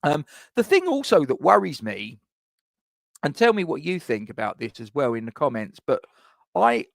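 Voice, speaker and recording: A man's voice: medium pitch, vocal fry, no room sound. A man hosting a fan live stream, chatting casually in rambling sentences with frequent restarts and asides. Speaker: fan channel host.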